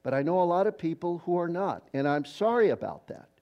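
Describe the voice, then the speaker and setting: A man's voice: fairly high pitch, very animated, fairly quick, dull audio. An older retired man preaching a sermon in a conversational, storytelling way. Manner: conversational storytelling preacher, quoting others in voices. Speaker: pastor.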